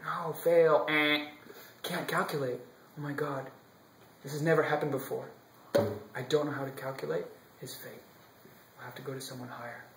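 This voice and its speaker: A man telling a devotional story expressively, shifting from loud to whispered passages. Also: mid-range voice, fairly even intonation, moderate pace, pauses often, reverberant, slight background noise, rough recording. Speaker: storyteller monk.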